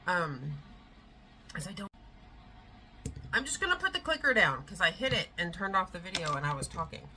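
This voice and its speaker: A woman's voice: lowish voice, sing-song, normal speed, bright, forceful tone, a little hiss or hum, poor audio. A middle-aged woman, chatting casually to her tripod camera at home, rambling with lots of fillers. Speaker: vlogger. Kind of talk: casual vlog chat. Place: at home, indoors.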